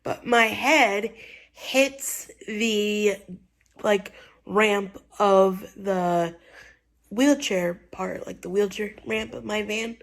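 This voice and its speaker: A young woman tells a story to her vlog audience at an unhurried pace, her voice sitting in an ordinary middle range. She rambles, circles back and leans on "like" and "you know" as she recounts what happened. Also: medium pitch, gravelly. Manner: rambling, full of "like" and "you know", retelling with feeling. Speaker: vlogger. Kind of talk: casual storytelling to camera.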